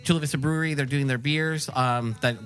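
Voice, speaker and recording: A laid-back man who owns a small business, talking as a guest and agreeing easily. He speaks quickly, with faint music behind him. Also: a little high, fairly even intonation, fairly bright tone. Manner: laid-back, agreeable, says yeah a lot. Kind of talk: casual chat.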